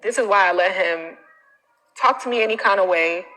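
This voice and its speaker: Emphatic, bright-voiced woman coach. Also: medium pitch, moderate pace, low-quality recording. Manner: animated, emphatic, preachy with slang asides. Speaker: self-confidence coach hosting a live stream. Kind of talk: casual live-stream talk.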